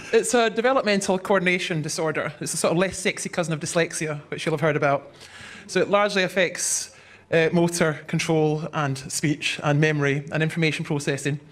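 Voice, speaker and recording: A woman's voice: low-pitched, normal speed. A woman from Britain doing stand-up on stage, with a dry, self-mocking delivery. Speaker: stand-up comedian. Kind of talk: stand-up comedy. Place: comedy stage before a live audience.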